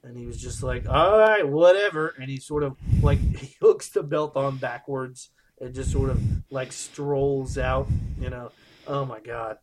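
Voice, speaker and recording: A man co-hosting a podcast in casual chat, animated and jokey, with bursts of excitement. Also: medium pitch, measured pace, background noise. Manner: animated, jokey, trails off with fillers. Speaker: podcast co-host.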